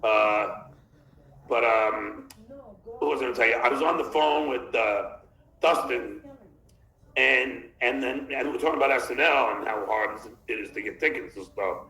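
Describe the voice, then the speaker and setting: A man's voice: medium pitch, normal speed, creaky, sharp tone, reverberant, poor audio. A man hosting a podcast in casual chat, rambling and reading chat messages aloud. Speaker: podcast host.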